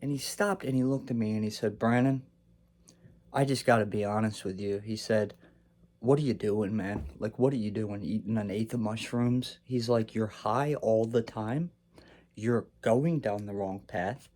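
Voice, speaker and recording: Young guy telling a story from his life, warm mellow voice, acts out the quotes. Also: fairly low pitch, normal speed. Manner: animated, acts out quotes of himself and his brother. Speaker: podcaster telling a personal story. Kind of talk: casual storytelling.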